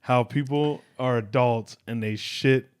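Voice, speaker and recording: A man's voice: mid-range voice, steady tone, measured pace, clear, resonant tone. A man in his thirties in casual comic chat, sounding incredulous and laughing easily. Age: 30s.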